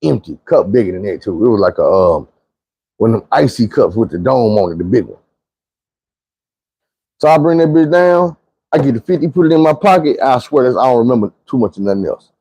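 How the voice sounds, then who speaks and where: A man's voice: medium pitch, big pitch swings, a little fast, dark tone, breathy edge, no echo. A man, casually telling a profane, slangy story and acting out the quotes himself. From Arkansas, US. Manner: profane, laid-back, slangy, acts out quotes.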